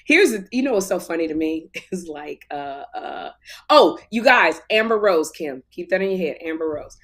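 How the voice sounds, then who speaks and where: A woman co-hosting a podcast in casual chat, telling stories with laughter and loud bursts when she retells scenes. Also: fairly low pitch, normal speed. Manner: animated, laughing storyteller who gets loud in retellings. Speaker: podcast co-host.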